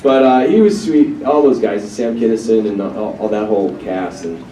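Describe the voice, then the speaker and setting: A man's voice: on the low side, normal speed, crowd noise. A man on a convention panel telling a story in a chatty way with laughs, heard in a large hall. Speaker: panel guest. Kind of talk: convention Q&A anecdote. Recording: echoey hall from far off with clear noise.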